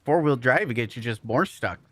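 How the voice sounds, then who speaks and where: A man's voice: mid-range voice, expressive, a little fast, a bit bright, no room sound. A man rambling and joking in casual chat while streaming a game, full of folksy asides. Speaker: gaming streamer.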